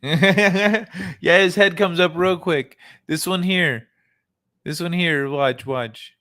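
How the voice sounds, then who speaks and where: A man's voice: sits high, takes it slowly, pushed and bright. A man hosting a casual livestream, reacting to clips in a laid-back way, laughing often and swearing freely. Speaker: livestream host.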